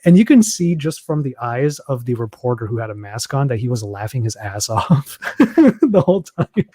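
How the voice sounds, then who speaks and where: Expressive storytelling man co-host. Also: medium pitch, normal speed, no room sound, studio quality. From United States. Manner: storytelling, expressive, laughs while talking. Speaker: podcast co-host. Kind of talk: casual chat.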